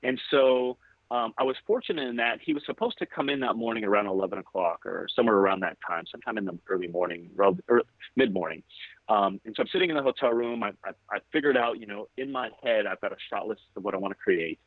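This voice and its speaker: A man of about forty, a photographer, telling a long anecdote in a relaxed, rambling way during an interview. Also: fairly low pitch, fast, no room sound. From California. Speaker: photographer guest. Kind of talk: interview storytelling. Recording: tinny, dry phone-like line.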